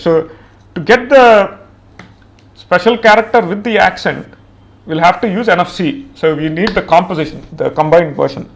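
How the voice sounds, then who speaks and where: Male coding instructor, higher-pitched voice, casual step-by-step explainer, lots of thinking-aloud fillers. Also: gravelly. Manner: thinks aloud with many "uh" fillers and pauses while typing; explains step by step in a plain conversational way. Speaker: programming instructor. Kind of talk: screen-recorded coding tutorial.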